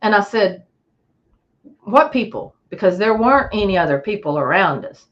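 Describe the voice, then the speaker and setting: A woman's voice: medium pitch, lively intonation, brisk, highs cut off. A woman guest on a podcast, telling a story in casual chat and acting out the people she quotes.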